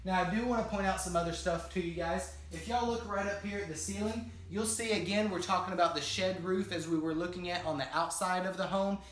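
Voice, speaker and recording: In a brisk, high voice with fairly even intonation and hardly any pauses, a man gives an eager sales walkthrough of a small manufactured cottage. He addresses viewers as "guys" constantly, and the poor audio is reverberant with slight background noise.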